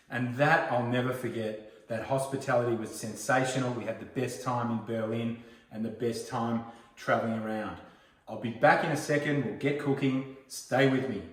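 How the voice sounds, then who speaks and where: A man's voice: medium pitch, steady tone, normal speed. Chatty Australian man in an echoey room. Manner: chatty, rambling storyteller. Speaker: cooking video host. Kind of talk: casual home cooking vlog. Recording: roomy echo, mic far off.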